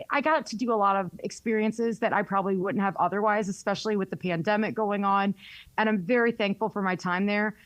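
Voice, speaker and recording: This radio host is a woman from North Carolina in the US, with a Southern accent and a medium-pitched voice. She chats candidly and laughs often during a casual interview, and the recording has no echo.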